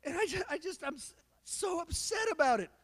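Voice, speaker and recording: A man's voice: extremely high pitch, lively intonation, a little fast, fairly bright tone, in a large hall, pitched above the performer's own voice. A man voicing a little boy who is sobbing and whining to his mother. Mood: tearful. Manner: whiny, breaking into sobs.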